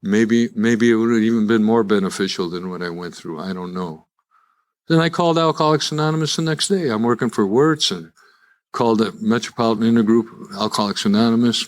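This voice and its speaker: Speaking briskly in a fairly low voice, an older man from Chicago addresses a live event audience as a recovery speaker. He tells his own story with self-deprecating humor, restarting often.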